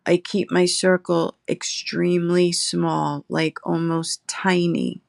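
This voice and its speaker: A middle-aged woman, a guest in recovery, telling her personal story slowly and reflectively, pausing often. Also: lowish voice, little pitch movement, gravelly, darkish tone, no echo, studio quality. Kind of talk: emotional personal testimony. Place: her apartment.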